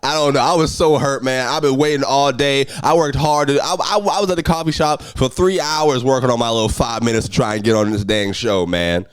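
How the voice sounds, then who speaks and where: A young man hosting a solo podcast, telling road stories in an animated, ranting way that jumps high and loud when he gets worked up. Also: brisk, hardly any pauses, smooth, no room sound. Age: young adult. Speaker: podcast host.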